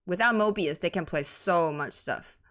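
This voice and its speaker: A woman from Taiwan with a Taiwanese accent, a native Mandarin speaker, doing chatty, excitable live esports commentary in English. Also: on the low side. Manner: excitable, chatty, quick to laugh and gasp. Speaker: esports caster.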